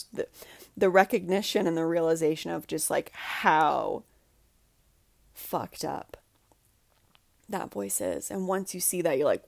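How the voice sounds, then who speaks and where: A woman hosting a solo podcast, speaking earnestly and with feeling, often saying "like" and sometimes dropping to a soft, breathy voice. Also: on the low side, normal speed, dry recording, clean studio sound. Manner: earnest, heartfelt, says "like" often; drops to soft, breathy guidance during a breathing exercise. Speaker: podcast host, coach. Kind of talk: emotional solo podcast talk.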